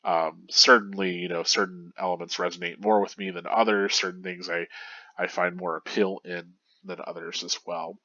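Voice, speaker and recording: A man's voice: deep voice, sharp tone, no echo, highs cut off. A young man with a stuffy nose talking through a manga chapter in a casual, rambling way, full of fillers and restarts. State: stuffy and congested. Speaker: manga review host. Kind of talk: casual analysis monologue.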